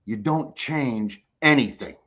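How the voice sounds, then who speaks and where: A man's voice: medium pitch, slow pace, a bit bright, dull audio. A middle-aged man, a guest life coach, giving an emphatic motivational talk on a call, repeating key phrases for effect in a blunt, casual way.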